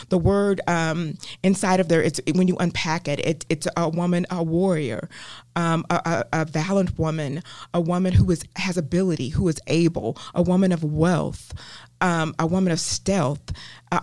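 A woman's voice: lowish voice, no echo. Earnest Southern woman teaching scripture. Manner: earnest, animated, many ums and restarts. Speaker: guest Bible teacher. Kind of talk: faith podcast interview.

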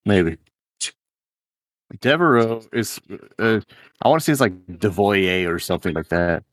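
Guy with a lowish voice rambling thru a story on a podcast, dry close mic. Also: animated, a little slow, dry recording. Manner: rambling storyteller, acts out quoted friends. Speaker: podcast co-host. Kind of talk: casual chat.

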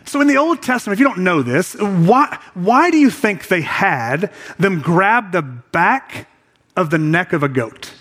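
A man's voice: extremely high pitch, a bit bright. A man in his thirties, a pastor preaching a conversational sermon, often repeating words as he talks.

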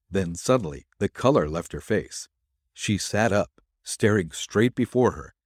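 Male storyteller, low husky voice, lively pitch, dry close sound. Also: no room sound. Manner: expressive storytelling. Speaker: narrator. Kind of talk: audiobook narration.

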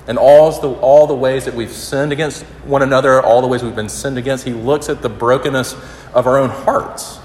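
A man preaching a conversational sermon to college students, building to emphatic peaks and dropping to soft, tender passages. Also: mid-range voice, slight background noise. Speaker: campus minister. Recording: roomy hall with long reverb.

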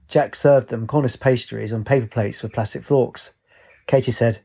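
Husky guy reading a novel out loud, steady and plain. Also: medium pitch, normal speed. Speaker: narrator. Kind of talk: audiobook narration.

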